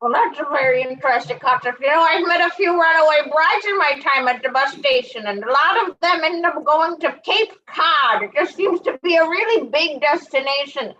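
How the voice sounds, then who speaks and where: A rambling bus-station oddball, played by a woman in an online improv scene. Her voice is high and bright, the chatter deadpan and odd. The audio is dull and lo-fi. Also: moderate pace, few pauses. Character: eccentric woman who lives at the bus station.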